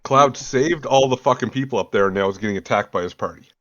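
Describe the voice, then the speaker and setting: A man's voice: mid-range voice, quick pace, no echo. A man playing in an online tabletop game, making dry, teasing remarks. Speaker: player. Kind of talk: casual chat over a voice call. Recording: dull, dry voice-call audio.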